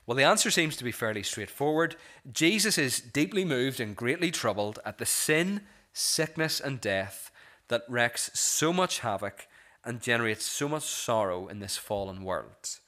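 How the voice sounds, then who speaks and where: Earnest man preaching a sermon, bright voice. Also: mid-range voice, animated. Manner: earnest, repeats words when restarting; slows and softens on key phrases. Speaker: pastor.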